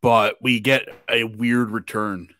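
A man's voice: lowish voice, little pitch movement, slow pace, pushed and bright, no echo, studio quality. Laughing man hosting a podcast call. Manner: laughs often, asks the questions. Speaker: podcast host. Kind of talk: casual chat.

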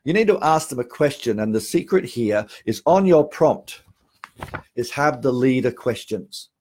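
A man's voice: mid-range voice, animated, a little slow, darkish tone, a little hiss or hum. A middle-aged Australian man giving a sales training talk on phone calls, emphatic, repeating key phrases and often restarting sentences.

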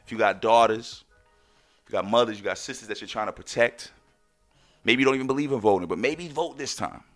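A man hosting a podcast, telling stories in a casual monologue with loud, excited exclamations, and addressing listeners as "ladies and gentlemen". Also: mid-range voice, fairly quick, soft background music. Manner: animated storyteller, bursts into loud excited exclamations. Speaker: podcast host.

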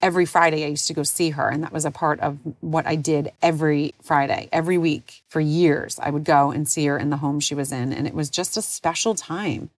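A woman in her forties with a low voice talks alone in a personal, reflective podcast monologue. She sounds tender and heartfelt, sometimes close to tears. The recording is close and dry, with no room sound. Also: steady tone, a little fast, few pauses, dry recording. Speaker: podcast host.

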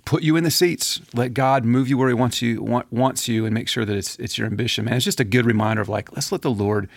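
Gravelly-voiced male podcast co-host. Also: mid-range voice, fast, no echo, studio quality. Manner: rambling, animated, many restarts. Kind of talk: casual podcast chat.

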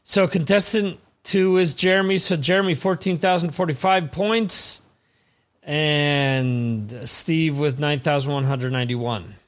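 Male quiz host, slightly high pitch, unhurried, chatty digressions between scores. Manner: rambling, chatty asides between questions. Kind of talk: live-streamed trivia hosting.

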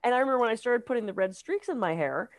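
A woman, a professional speaker, chatting casually; she is candid and a bit irreverent, and tells lively stories. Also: fairly high pitch, racing. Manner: lively storyteller acting out quotes. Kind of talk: casual conversation.

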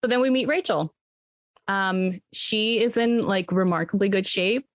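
A woman's voice: mid-range voice, measured pace, no echo. A woman retelling a movie's plot to friends in a casual chat, acting out the characters' lines and filling her talk with "like" and "um.". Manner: retells scenes with quoted voices, lots of "like" and "um". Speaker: movie recapper.

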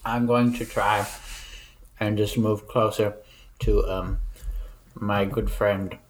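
A man playing a tabletop game, calmly choosing where to move. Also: lowish voice, slow pace, low-quality recording. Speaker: player. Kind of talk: casual chat at a game table.

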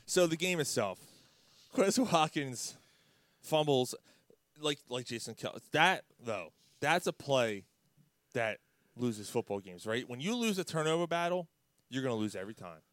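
A man's voice: medium pitch, big pitch swings, measured pace, a bit bright, no echo, clean studio sound. A man, a podcast co-host telling a story in blunt, profane casual sports chat.

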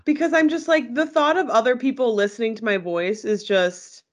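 A woman's voice: a little high, normal speed, slight background noise. A young woman with a Midwestern accent co-hosting a podcast in casual chat, blunt and swearing freely. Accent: Midwestern American. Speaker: podcast co-host.

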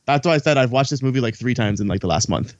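On a casual podcast, a man rambles through a movie recap, swearing casually and acting out the characters' lines as he goes. His ordinary mid-pitched voice is animated and fast. The dry recording sounds a bit dull, as though run through a lo-fi chain.

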